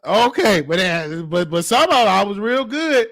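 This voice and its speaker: A man hosting a show, telling stories in an animated way and acting out the voices of the people in them. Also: high voice, normal speed, no room sound. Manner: animated, acts out quoted voices. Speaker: show host. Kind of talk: storytelling monologue.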